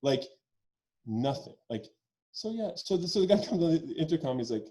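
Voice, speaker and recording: Animated man telling a profane story. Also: on the high side, moderate pace, rough recording. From Quebec, Canada. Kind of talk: personal storytelling at a story slam. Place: virtual event.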